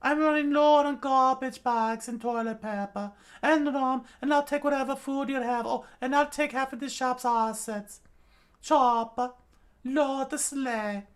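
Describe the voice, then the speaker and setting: A man putting on a crafty old witch of a doctor for a storybook read-aloud: a thin, high, creaky old voice that barks orders and haggles without shame. The pitch sits far above a low male voice, and the timbre is pinched and changed. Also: fairly even intonation, measured pace. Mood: bossy. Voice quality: high, strained old-woman voice. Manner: bossy and haggling. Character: shrewd, sharp-tongued old woman doctor.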